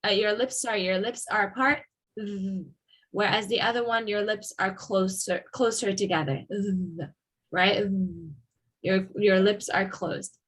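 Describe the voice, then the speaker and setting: Slow husky-voiced woman teaching pronunciation. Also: medium pitch, fairly even intonation, fairly bright tone, poor audio. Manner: patient, slow and repetitive, modeling sounds for students. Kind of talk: online class lesson.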